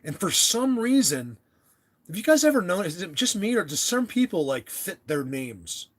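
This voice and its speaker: A man's voice: high-pitched, sing-song, moderate pace. A young American man hosting a casual livestream chat, rambling and restarting his sentences as he talks to viewers. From United States. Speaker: livestream host.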